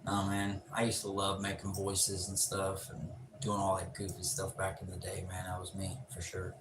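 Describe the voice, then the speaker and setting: Man, low voice, joking live-stream host, swears a lot, distant mic, echoey, background noise. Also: monotone, moderate pace. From Pennsylvania. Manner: laid-back, joking, swears freely. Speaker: livestream host. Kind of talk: casual live-stream chat. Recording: roomy echo, distant mic, ambient noise.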